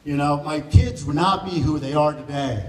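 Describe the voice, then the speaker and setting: At an event, a man gives a rambling, joking, off-the-cuff thank-you speech, chuckling often and close to tears. His voice is a little high and a little mellow at normal speed, heard from far off in an echoey hall in a noisy room.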